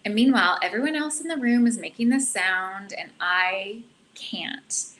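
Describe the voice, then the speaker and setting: Guest, woman, middle-aged, earnest and animated, bright tone, faint noise behind. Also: mid-range voice, moderate pace, rough recording. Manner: earnest, animated, self-reflective. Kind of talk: casual storytelling.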